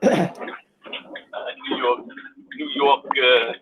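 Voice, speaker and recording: A man's voice: medium pitch, extremely slow. A man chatting casually on a livestream while driving, laughing easily. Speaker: co-host on a livestream. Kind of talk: casual chat. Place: in a moving vehicle. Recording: tinny phone line with faint noise.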